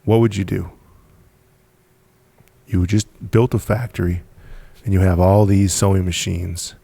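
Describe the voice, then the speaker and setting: A man with a deep, steady, unhurried voice, warm and touched with vocal fry, speaks with no echo. He's a business founder appearing as a podcast guest, telling his story in casual conversation. His storytelling is emphatic and punchy, full of repeated phrases and frequent laughs.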